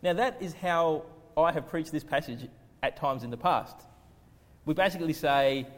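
Earnest pastor preaching in a reverberant church. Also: male voice, fairly high pitch. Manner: earnest, slows down to stress key words. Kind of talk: sermon. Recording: long reverb of a church hall.

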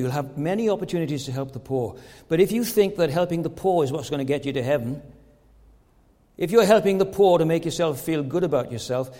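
A man preaching a sermon as pastor, emphatic and full of rhetorical questions, slowing down to stress his points. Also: a little high, dark tone, in a large hall.

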